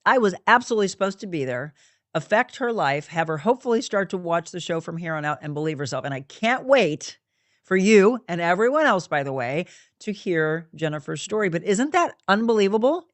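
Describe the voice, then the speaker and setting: Us lady hosting a faith talk show, lively storyteller, dry close sound. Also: fairly low pitch, brisk, no room sound. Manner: animated, acts out quoted dialogue. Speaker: show host.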